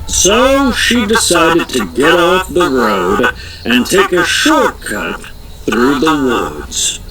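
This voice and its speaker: A man reading a children's storybook aloud in a slow, playful, expressive way. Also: a little high, poor audio. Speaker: audiobook narrator.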